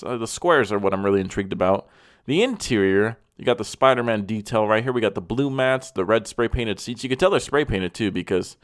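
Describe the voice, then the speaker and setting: A man's voice: fairly low pitch, no room sound, clean studio sound. A young man hosting a car review, talking with blunt, profane, mocking sarcasm. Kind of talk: profane comedic car commentary.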